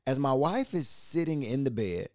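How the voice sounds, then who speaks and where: A man hosting a podcast, lively as he retells a personal story and repeating words when excited. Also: mid-range voice, moderate pace, no echo, clean studio sound. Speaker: podcast host.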